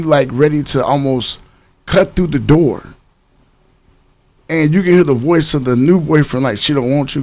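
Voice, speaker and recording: A man's voice: medium pitch, darkish tone. A man hosting a livestream podcast, talking casually and loosely to his audience, repeating himself and hyping up viewers. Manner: loose and rambling, repeats words, hypes up the audience. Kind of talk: casual talk to a live stream audience.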